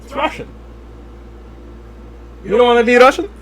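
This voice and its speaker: A man's voice: extremely high pitch, normal speed. A man co-hosting a comedy podcast, rambling and giggling in casual chat. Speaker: podcast co-host.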